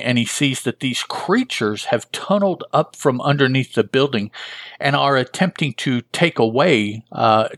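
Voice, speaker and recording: A man's voice: medium pitch, a bit bright, dry recording, studio quality. A man hosting a comic book review show, recapping an issue in a rambling, thinking-aloud way and often correcting himself.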